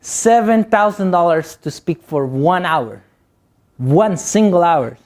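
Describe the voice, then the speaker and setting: A man with a noticeably high voice and a Guatemalan Spanish accent speaks to a youth audience. He is a motivational speaker from Guatemala whose first language is Spanish. He tells jokey stories and slips into little impressions of other people. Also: animated, takes it slowly, a little mellow. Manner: joking storyteller, acts out voices.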